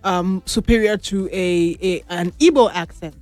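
A woman's voice: lowish voice, measured pace, no echo, faint music behind. Chatty woman radio host. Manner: chatty and animated, laughs often, asks questions. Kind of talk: casual radio talk show. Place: radio studio.

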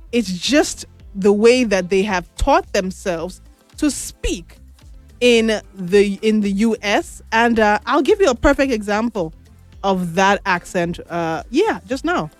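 Woman host, slightly high, conversational, tosses questions at listeners, dry sound. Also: no room sound. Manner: chatty, asks listeners questions. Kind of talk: casual on-air talk.

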